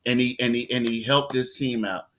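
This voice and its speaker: Bright-voiced man breaking down a game. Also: medium pitch, moderate pace. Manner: animated storyteller, acts out quotes, repeats words. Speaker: sports reporter guest. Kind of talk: casual sports talk.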